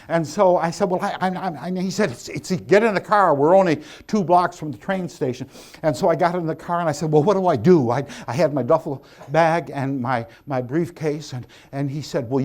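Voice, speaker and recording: A man's voice: fairly high pitch, darkish tone. An older man hosting a stage show, telling a rambling, self-deprecating story in a packed theater and laughing at his own jokes. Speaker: guest host.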